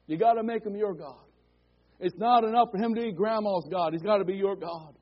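High-voiced fervent male preacher. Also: a little fast. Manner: fervent preaching, calls for amens, repeated declarations. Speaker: pastor. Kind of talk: sermon. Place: church sanctuary. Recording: dull lo-fi church recording.

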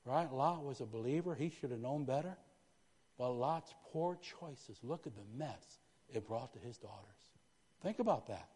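A man preaching a sermon in a church, lively, with frequent asides to the congregation. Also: mid-range voice, normal speed, husky. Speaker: pastor. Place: church sanctuary. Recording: long hall reverb.

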